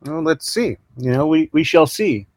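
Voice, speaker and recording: A man talking politics as an interview guest, halting with many restarts and fillers, then hammering his points home with repetition. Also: fairly high pitch, animated, no echo, rough recording. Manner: emphatic, repeats points. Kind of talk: casual political talk.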